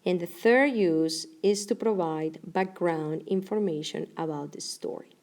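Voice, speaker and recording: A woman teaching a recorded grammar lesson, explaining clearly and slowing down for each example. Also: on the low side, darkish tone. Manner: clear, measured explanation with slow deliberate examples. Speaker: Spanish teacher.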